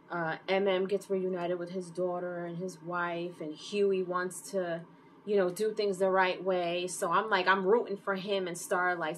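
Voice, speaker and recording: A woman giving a casual, animated recap of a TV episode, full of fillers and open emotional reactions. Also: lowish voice, slight background noise, poor audio. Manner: animated storytelling with many fillers. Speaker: TV series reviewer.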